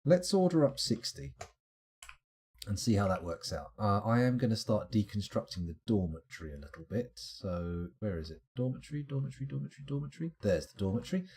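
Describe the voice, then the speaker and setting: A man's voice: on the low side, expressive, normal speed, a little mellow, husky. A man streaming a game live, thinking aloud in a chatty, self-mocking way. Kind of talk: live gameplay commentary.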